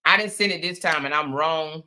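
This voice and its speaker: A woman's voice: low-pitched, moderate pace, bright, forceful tone. A woman hosting a casual livestream, chatting with viewers, greeting them by name and calling them y'all and honey. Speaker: livestream host. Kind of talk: casual live-stream chat with viewers.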